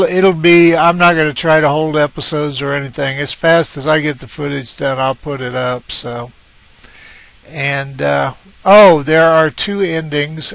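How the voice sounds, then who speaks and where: A man's voice: a little high, fairly bright tone, dry recording. A man giving casual, rambling commentary on a game he is playing at his computer, hesitating often with "uh" fillers. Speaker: let's play gamer.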